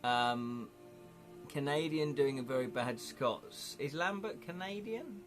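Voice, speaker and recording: A man's voice: fairly high pitch, slow pace, faint music behind. A man chatting casually on a live stream, rambling a little and reading out viewer comments, from the United Kingdom. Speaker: streamer and illustrator.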